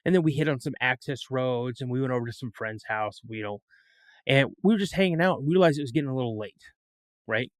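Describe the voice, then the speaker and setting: Talking fast in a mid-range voice, a middle-aged man shares a rambling story as a guest on a podcast interview, often circling back to repeat and restart his words. The recording has no room sound.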